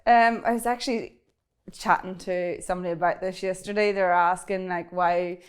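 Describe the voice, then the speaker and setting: Northern Irish woman guest, quick and chatty, smooth clear voice, laughs a lot. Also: on the low side, steady tone. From Northern Ireland, County Tyrone. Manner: quick-talking, laughs often, many fillers. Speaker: interview guest, cybersecurity expert. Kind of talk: casual interview chat.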